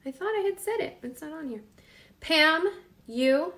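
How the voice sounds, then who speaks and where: A woman with a bright, high voice hosts a live cooking stream from her home kitchen. She chats loosely with viewers, reads their names aloud and talks to herself as she works. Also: expressive, unhurried. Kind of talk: casual live-stream chat while cooking.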